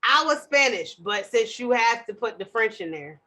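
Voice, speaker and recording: A woman's voice: on the high side, expressive, normal speed, pushed and bright, a little hiss or hum. A woman co-hosting a casual podcast chat, playful and teasing, also reading show plugs. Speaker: podcast co-host.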